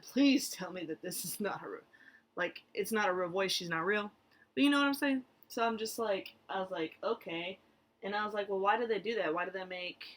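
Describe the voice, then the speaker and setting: A young adult woman, an American therapist, talking casually to camera with lots of fillers, restarts and animated asides. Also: fairly low pitch. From United States. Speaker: therapist vlogger. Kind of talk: casual talking-head vlog.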